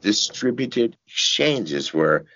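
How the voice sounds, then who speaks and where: An older man giving an interview, cursing freely and telling stories in an animated way, his voice jumping into sudden high shouts and laughs. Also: takes it slowly, highs cut off. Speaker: interview guest. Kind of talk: casual interview talk.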